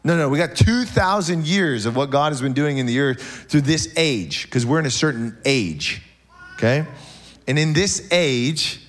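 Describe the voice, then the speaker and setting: A man preaching a sermon in church, animated and joking with the congregation, often checking in with "okay?". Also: on the high side. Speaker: pastor.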